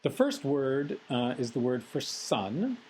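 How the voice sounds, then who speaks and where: A man teaching a recorded software tutorial lecture, methodical and explanatory with frequent ums. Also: mid-range voice, sing-song, slow, slight background noise, poor audio. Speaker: instructor.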